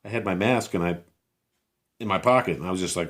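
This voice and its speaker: A man's voice: deep voice, lively intonation, a little fast, pauses often. A man vlogging outdoors, telling a personal story casually, rambling with many fillers and restarts, sounding incredulous.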